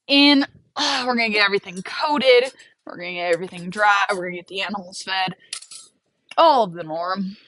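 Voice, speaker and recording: A woman's voice: medium pitch, noisy background. Chatty woman on a livestream. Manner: chatty, rambling, laughs often. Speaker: homesteader and livestream host. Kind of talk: casual livestream chat while working. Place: outdoors by a barn.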